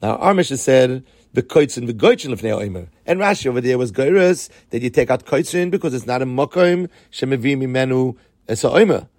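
A man's voice: medium pitch, lively intonation, a little fast, darkish tone, no room sound. Dry-voiced man teaching Talmud. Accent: Yeshivish Ashkenazi Hebrew pronunciation. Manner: chanting Aramaic quotes then explaining in English. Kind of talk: Talmud study lesson.

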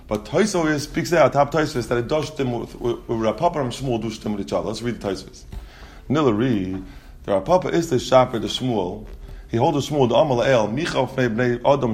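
A man's voice: medium pitch, a little mellow. A man teaching a Talmud class. He reads the Aramaic text aloud and explains it in English, often restarting his sentences.

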